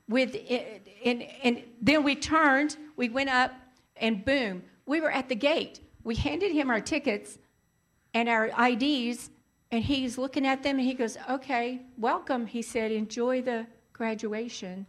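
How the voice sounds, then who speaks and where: A woman telling a personal story in a casual, animated way, repeating lines for emphasis. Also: fairly high pitch, measured pace.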